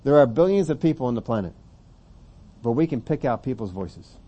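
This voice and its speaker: Mellow-voiced man preaching a sermon. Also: medium pitch, expressive, fairly quick, breathy edge. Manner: conversational, rising to emphatic scripture reading.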